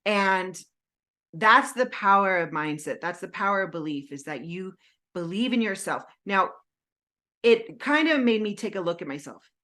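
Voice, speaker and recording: A woman co-hosting a podcast, telling a story with lively energy and acting out her own phone calls. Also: medium pitch, moderate pace. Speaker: podcast co-host, indie author. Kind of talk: casual podcast chat. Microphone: home setup with green screen, video call.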